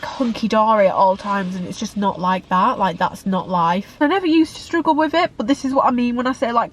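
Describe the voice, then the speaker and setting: A woman's voice: medium pitch, a little hiss or hum. A young woman, talking candidly in a chatty vlog about her work as a fitness coach and creator, rambling with lots of "like". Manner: candid, rambling, heavy use of "like".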